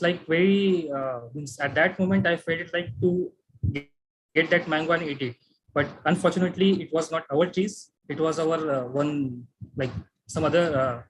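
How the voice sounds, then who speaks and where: A man's voice: on the high side, a little hiss or hum, rough recording. A man giving an impromptu short speech over a video call, meandering and hesitant with many fillers. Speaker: meeting participant.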